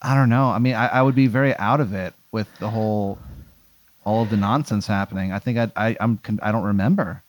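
Stammering low-voiced man, blurting profanity. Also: a little fast, no echo. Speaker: guest. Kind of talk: casual improvised chat.

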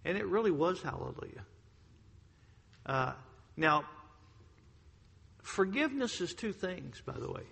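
High, bright-voiced preacher in a reverberant hall. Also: male voice, big pitch swings, unhurried, vocal fry, long pauses, husky. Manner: emphatic storytelling, swings between loud outbursts and hushed lines. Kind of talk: sermon.

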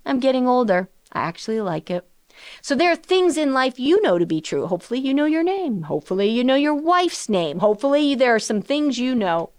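A middle-aged woman hosting a financial planning show, talking in a chatty, animated way with rhetorical questions. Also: medium pitch, dry recording. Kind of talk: conversational radio-style finance talk.

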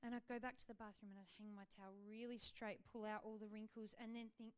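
A woman in her thirties sharing a personal faith testimony in a gentle, earnest way, with frequent ums and likes. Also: fairly high pitch, flat delivery, quick pace, clean tone.

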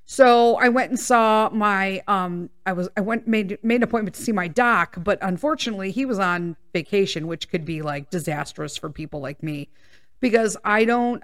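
A woman's voice: mid-range voice, dry recording, studio quality. A woman hosting a casual podcast, telling personal stories in a candid, rambling way with plenty of swearing, sounding a little congested. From United States. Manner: candid, profane, rambling with tangents. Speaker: podcast host.

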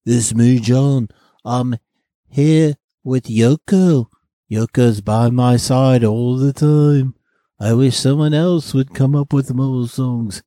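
A man's voice: mid-range voice, slow pace, dark tone, no echo, clean studio sound, natural voice. A man putting on a rock singer who grumbles that nobody else writes songs. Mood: whiny. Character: an impression of a band singer, complaining about songs.

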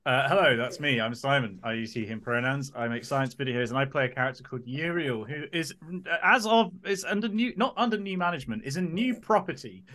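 A man's voice: medium pitch, animated, a little fast, hardly any pauses, bright, forceful tone. A man playing in a tabletop game, talking casually with many hesitations. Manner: hesitant, full of fillers. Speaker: player. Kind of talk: casual group chat.

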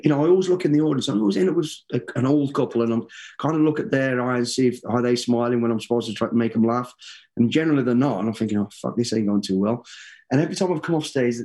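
A middle-aged man, a guest in an interview, telling stories in a lively way, swearing freely and acting out what people said. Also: mid-range voice, very fast. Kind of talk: casual interview storytelling.

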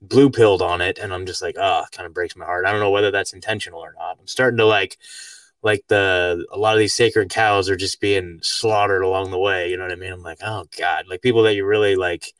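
A podcast host chats casually, rambling with plenty of filler words and laughing easily. His deep voice is steady, brisk, and fairly bright, and the recording is dry with no echo, captured at a distance from the mic.

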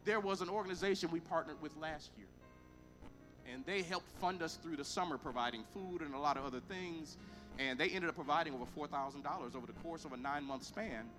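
A man, a pastor, preaching a lively storytelling sermon, acting out both sides of the conversations with emphatic delivery. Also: fairly high pitch, fairly quick, faint music behind.

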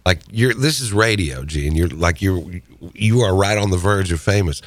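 A man's voice: low-pitched, normal speed, dry recording. A man co-hosting a morning radio show who makes teasing, joking asides. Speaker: radio co-host.

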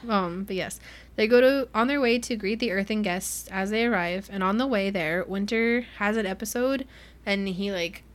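A young woman hosting a book club podcast, retelling a novel's plot in a chatty, animated way and acting out the characters' lines. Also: medium pitch, moderate pace. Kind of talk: casual chat recapping a book.

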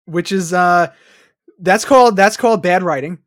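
A man's voice: sits high, moderate pace. A man co-hosting a podcast, ranting about a movie in casual chat, swearing often. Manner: profane, ranting, animated. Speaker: podcast co-host.

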